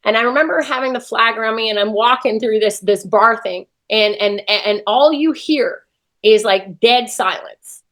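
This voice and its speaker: Woman, kinda high voice, telling her story all animated in an interview. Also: normal speed. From Canada. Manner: animated, acts out her own past thoughts. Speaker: interview guest. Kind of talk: emotional personal storytelling.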